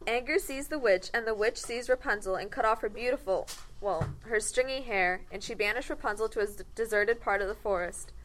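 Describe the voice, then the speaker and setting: A woman's voice: fairly high pitch, brisk, fairly bright tone, a little hiss or hum, poor audio. A woman narrating a comic fairy tale in a wry tone, correcting herself and the cast along the way.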